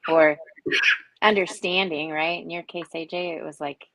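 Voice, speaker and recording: A woman in her forties on a video call, telling personal stories in an earnest, reflective way with many pauses. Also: deep voice, steady tone, fairly bright tone, no echo, low-quality recording. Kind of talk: casual heartfelt group chat.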